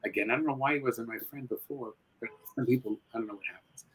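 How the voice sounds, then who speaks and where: A middle-aged man, a guest actor and comedian, chatting casually in an interview, expressive and animated, swinging between loud and hushed. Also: mid-range voice, quick pace, husky, poor audio.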